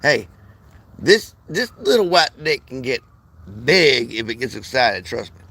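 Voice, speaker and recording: A man's voice: medium pitch, big pitch swings, unhurried, gravelly, sharp tone, slightly rough. A man hosting a livestream, rambling erratically with crude outbursts and mumbled asides. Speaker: streamer host.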